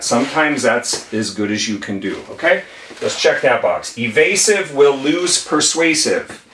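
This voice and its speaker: In a room with a whiteboard, a man who's an attorney teaches legal tips conversationally, emphatically repeating key phrases in a mid-range, fairly bright voice. A camera mic records from a distance, so the room sounds echoey, with a little hiss or hum.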